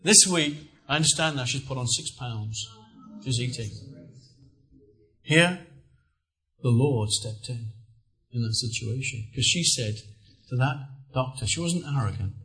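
A man's voice: mid-range voice, a little slow, long pauses, low-quality recording. Man preaching earnest sermon. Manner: earnest storytelling with lively emphasis.

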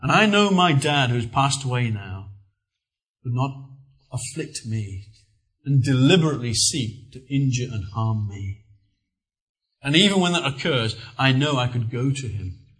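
A middle-aged man delivers a sermon in an earnest storytelling manner. His voice sits at an ordinary middle pitch, and he leans into lively emphasis as he preaches. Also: measured pace, low-quality recording.

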